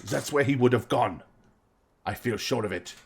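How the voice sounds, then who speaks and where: A man's voice: medium pitch, vocal fry, slightly rough. A man voicing a protective, hot-tempered middle-aged father who gives orders. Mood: worried. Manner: commanding, quick to anger.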